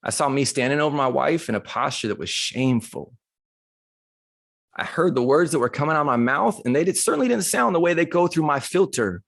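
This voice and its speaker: A middle-aged man giving a motivational talk to a live audience, telling a personal story in an animated, conversational way that turns emotional. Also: on the high side, a little fast, vocal fry. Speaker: motivational speaker. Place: live retreat session.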